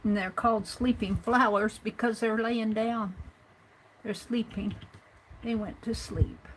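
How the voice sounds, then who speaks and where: Slow, chatty woman teaching doodles. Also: fairly high pitch, steady tone, a little hiss or hum, poor audio. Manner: chatty, thinks aloud while drawing; counts and narrates each stroke. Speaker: art stream host. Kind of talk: live drawing tutorial.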